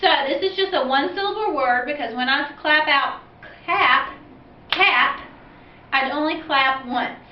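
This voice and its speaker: Parents and children follow a phonics lesson from a teacher with a high voice who explains things slowly and checks in with questions. The audio comes across dull and echoey, captured at a distance from the mic.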